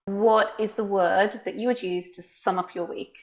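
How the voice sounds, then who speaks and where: A woman's voice: medium pitch, fairly even intonation, normal speed. A woman hosting a podcast, moving from a scripted welcome into casual, encouraging chat with her guest. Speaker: podcast host.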